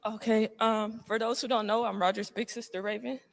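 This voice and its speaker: A woman's voice: on the high side, steady tone, a little fast, gravelly. A woman giving a heartfelt eulogy at a memorial, emotional and holding back tears, with plenty of fillers. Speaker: family member giving a eulogy. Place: memorial gathering before a crowded room. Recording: long reverb in a large room.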